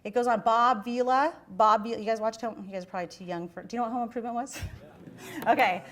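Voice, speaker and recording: A middle-aged woman giving a university lecture, telling a chatty story in an animated way and acting out the quoted voices. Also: fairly high pitch, fast. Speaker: guest lecturer.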